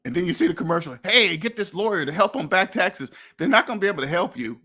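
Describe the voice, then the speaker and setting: A man with a high, sharp voice and lively intonation talks fast as a finance podcast host. In his casual monologue he lectures bluntly and preachily, dramatizes imagined conversations, and lets the odd swear word slip.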